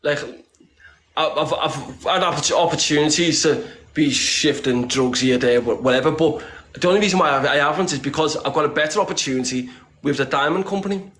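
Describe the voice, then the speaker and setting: Fairly high-pitched and a bit bright, this man speaks briskly in a casual interview, swearing freely, saying "lad" a lot, and restarting often as he rambles in his blunt, streetwise way. There's slight background noise.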